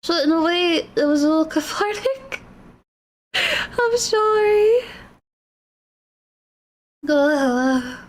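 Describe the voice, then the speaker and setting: High-voiced woman chatting on stream. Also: expressive, moderate pace, few pauses. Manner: rambling, apologetic, emotional, many restarts. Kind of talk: casual livestream chat.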